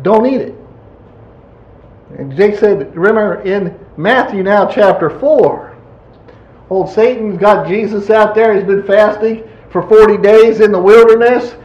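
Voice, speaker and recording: A man preaching a sermon in a folksy, animated way, acting out quotes. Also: high-pitched, a little slow, dull audio. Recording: echoey room.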